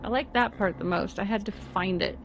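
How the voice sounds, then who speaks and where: A woman streaming a video game live, reacting with excitable commentary and frequent swearing and apologies. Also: medium pitch, fairly quick, gravelly, muffled recording, faint music behind.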